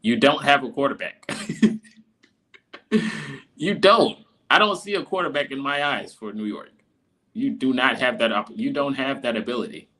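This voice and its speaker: A man giving live reaction commentary, exasperated and repeating himself, his voice jumping high in disbelief. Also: fairly quick, sharp tone. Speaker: live draft reaction streamer.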